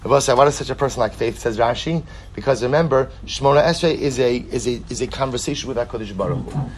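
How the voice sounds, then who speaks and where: A man's voice: mid-range voice, quick pace, slight background noise. A man teaching a text study lesson. He reads passages aloud, explains them line by line, and asks rhetorical questions. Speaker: Talmud teacher.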